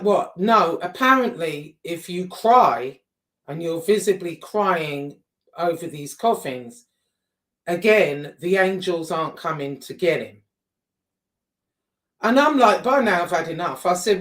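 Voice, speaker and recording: A woman casually telling a story to her viewers, animated and exasperated, acting out what people said and swearing now and then. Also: lowish voice, measured pace, far from the mic. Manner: animated, exasperated retelling with quoted dialogue and swearing. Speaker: vlogger.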